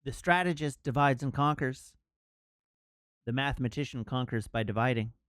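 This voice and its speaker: A man's voice: medium pitch, moderate pace, a bit bright, no echo, clean studio sound. A man streaming a video game from his home setup, casually chatting and telling cheesy pun jokes into a desk microphone. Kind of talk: casual live-stream chat.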